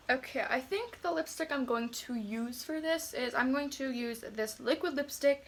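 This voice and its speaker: High-voiced woman chatting through a makeup tutorial. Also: moderate pace, few pauses, a little hiss or hum. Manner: chatty, self-deprecating, talks while doing makeup. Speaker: beauty vlogger. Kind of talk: casual makeup tutorial chat.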